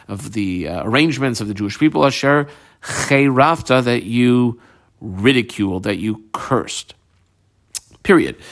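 Man explaining Talmud, casual and halting. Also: mid-range voice, creaky, a bit bright. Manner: reads phrases aloud, then explains them conversationally with many fillers. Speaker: Talmud teacher. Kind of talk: casual Talmud study lesson.

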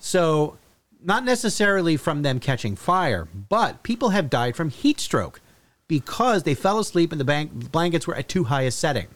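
A man's voice: fairly high pitch, very animated, moderate pace, a bit bright. A man co-hosting a casual podcast chat, reciting facts in a hesitant way with many fillers. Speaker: podcast co-host.

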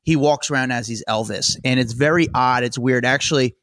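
A man's voice: medium pitch, brisk, fairly bright tone, dry recording, clean studio sound. A man co-hosting a casual chat show, talking in an opinionated, exasperated way. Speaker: co-host.

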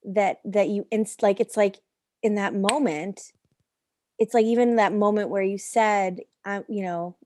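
Woman, podcast host, mid pitch, empathetic, casual chat, dry close mic. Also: measured pace, dry recording. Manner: warm, empathetic, lots of fillers and restarts.

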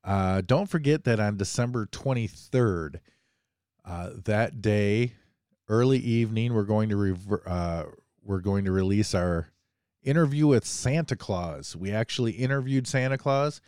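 A man's voice: on the low side, a little slow, darkish tone, smooth, dry recording, studio quality. A man hosting a casual podcast, joking and rambling as he talks, a bit under the weather. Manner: joking, rambling, self-deprecating. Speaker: podcast host.

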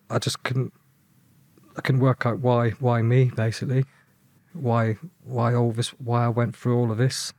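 A man from England recounting a traumatic past slowly and hesitantly, with many restarts. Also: mid-range voice, a little mellow, no echo. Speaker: guest who was kidnapped. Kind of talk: reflective personal account.

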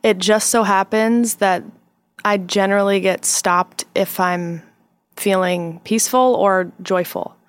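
A woman talking on a comedy podcast in a candid, lively way, slipping into quoted voices as she tells her stories. Her voice sits in a middle range. The sound is dry and close to the mic. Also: medium pitch, slow pace, smooth, dry recording. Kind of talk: casual chat.

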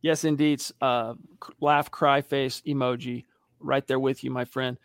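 A man's voice: medium pitch, a little slow, clear, resonant tone, no echo, clean studio sound. A man co-hosting a casual sports podcast, reading out viewer comments and telling stories with acted-out quotes. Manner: animated storyteller, acts out quotes. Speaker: podcast co-host reading live chat.

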